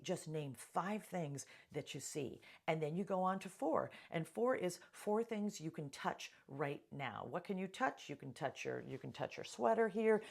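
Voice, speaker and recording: A woman talks straight to the viewer with earnest, coaching advice. Her voice sits a little low for a woman. She paces her tips like a teacher guiding a worried listener. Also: darkish tone. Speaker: presenter. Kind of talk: calm-down advice talk to camera.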